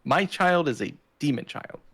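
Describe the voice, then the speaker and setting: Male podcast guest, lively swooping pitch, jokey and emotional. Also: normal speed. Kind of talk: casual chat.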